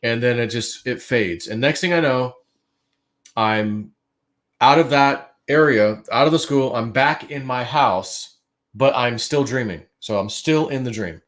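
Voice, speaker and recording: A man's voice: mid-range voice, a little slow, fairly bright tone. Guy rambling thru a dream story, lots of likes and restarts. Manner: rambling, many fillers and restarts. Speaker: guest. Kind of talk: casual storytelling.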